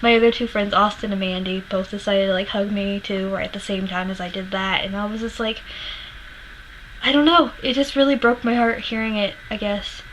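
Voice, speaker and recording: A woman's voice: medium pitch, steady tone, brisk, fairly bright tone, slight background noise, low-quality recording. A woman vlogger animatedly retelling a personal story to camera, swearing freely and laughing as she goes, emotional while she remembers it.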